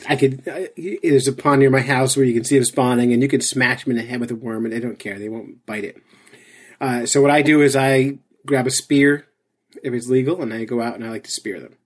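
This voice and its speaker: A man's voice: medium pitch, steady tone, fairly quick, breathy edge. A man from New Jersey co-hosting a podcast, chatting casually and joking often. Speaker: podcast co-host. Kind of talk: casual chat.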